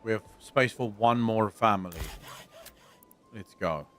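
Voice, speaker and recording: A man chatting casually while playing a game, relaxed and swearing in offhand asides. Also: fairly low pitch, a little slow, a little hiss or hum. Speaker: gaming streamer. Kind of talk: casual gameplay chat.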